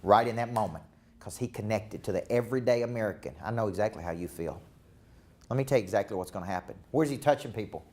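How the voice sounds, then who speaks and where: A man's voice: on the low side, quick pace, a little mellow. A man coaching managers at a live seminar, talking in an emphatic, repetitive, rallying way. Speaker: business coach. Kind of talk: live motivational seminar talk.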